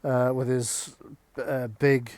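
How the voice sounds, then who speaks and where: A man narrating as game master of a live-streamed tabletop game, halting with ums while he tallies dice and describes the fight. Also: mid-range voice, little pitch movement, darkish tone, dry recording. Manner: halting, full of ums and restarts while tallying rolls.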